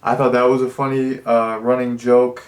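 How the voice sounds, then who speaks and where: A man talks through a film review in a loose, off-the-cuff way. His voice sits at an ordinary middle pitch. He strings thoughts together with constant filler words and restarts, and his tone is easygoing and enthusiastic. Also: level tone, normal speed. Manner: rambling, heavy use of "like" and "uh" fillers. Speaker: movie reviewer. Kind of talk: casual spoken review.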